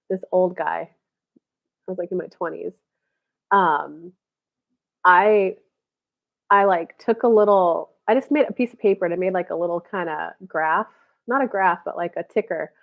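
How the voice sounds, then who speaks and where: Heard over phone-quality sound, this woman's voice is fairly low, gravelly and a little slow, with frequent pauses. Hosting an intuitive-reading live stream, she chats loosely and passes on channeled messages, often restarting, using lots of fillers, and running short of breath.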